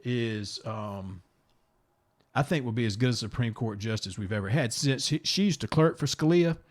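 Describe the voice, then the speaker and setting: A man's voice: mid-range voice, normal speed. Rambling man hosting a podcast. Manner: rambling, self-interrupting, repeats words; blunt and animated. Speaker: podcast host. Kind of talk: casual opinionated chat.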